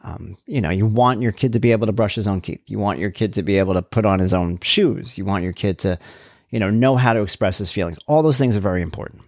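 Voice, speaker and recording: A man's voice: on the low side, fast, darkish tone, dry recording, clean studio sound. A man in his forties hosting a podcast, talking in a loose, rambling way with lots of "you know" asides. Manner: chatty, rambling, self-interrupting with "you know". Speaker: podcast host and blogger. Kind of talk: casual personal podcast monologue.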